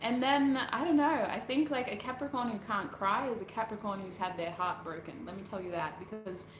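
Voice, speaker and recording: Doing her makeup at home, a channel host who reads tarot talks briskly in a medium-pitched voice, laughing a lot as she meanders through viewers' comments on a casual livestream. Faint background noise and a roomy echo color the audio.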